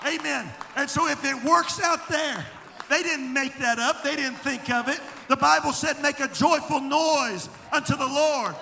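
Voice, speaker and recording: A pastor preaching a fiery sermon to his congregation, dropping to quiet asides and then building into shouted calls. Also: extremely high pitch, unhurried, gravelly, a faint crowd. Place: church sanctuary with congregation. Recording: echoey church hall with congregation noise.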